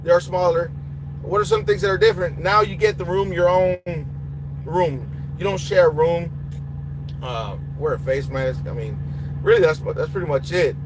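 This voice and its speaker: A young Honduran man, a truck driver and trainer, speaks in a fairly high voice at a moderate pace, with a Honduran Spanish accent. He reads chat aloud during a casual live Q&A, answering viewers bluntly and switching between English and Spanish. Loud road and engine hum fills the recording.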